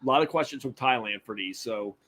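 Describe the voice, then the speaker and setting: A man co-hosting a casual podcast, telling a story in a halting way with many restarts. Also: medium pitch, fairly bright tone. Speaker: podcast co-host.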